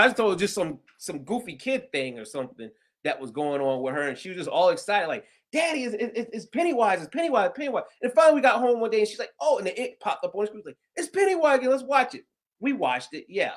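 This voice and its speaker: A middle-aged man with a Southern American accent hosts a casual talk show. His voice sits notably high. He rambles through animated stories, laughs often and acts out the other people's voices. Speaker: host of paranormal news show. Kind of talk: casual storytelling chat.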